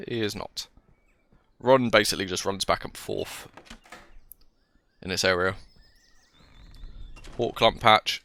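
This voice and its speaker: A man's voice: lowish voice, fairly even intonation, slow, long pauses, bright, forceful tone. A man hosting a let's play, giving jokey, chatty, self-mocking commentary as he plays. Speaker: gaming channel host.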